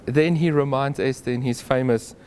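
A man's voice: mid-range voice, normal speed, slight background noise. Man retelling a Bible story with animation. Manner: animated storytelling with chuckles and restarts. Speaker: Bible teacher.

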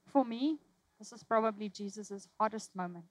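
A woman preaching a sermon, telling a personal story with emotion, dropping from loud, urgent lines to hushed ones. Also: mid-range voice, moderate pace, dry recording, low-quality recording.

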